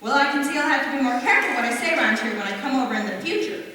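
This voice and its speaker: A woman's voice: high-pitched, animated, racing, pushed and bright. A young stage actor playing a blunt, gossipy older neighbor woman with a tactless, preachy manner in a school musical. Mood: disapproving. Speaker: student actor. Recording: echoey hall from far off.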